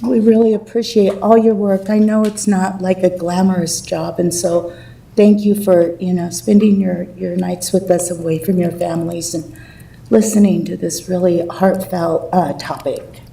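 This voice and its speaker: A woman's voice: fairly low pitch, little pitch movement, normal speed, vocal fry, dark tone, far from the mic, low-quality recording. A woman giving a rambling, emotional public comment at a city council meeting.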